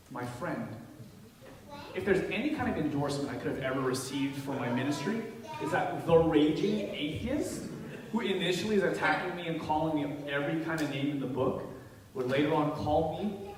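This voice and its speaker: A man preaching a sermon in a church, telling stories and acting out the people in them. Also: a little high. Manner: animated, playacts the people in his stories. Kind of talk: sermon with storytelling. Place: church hall. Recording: echoey hall, from far off.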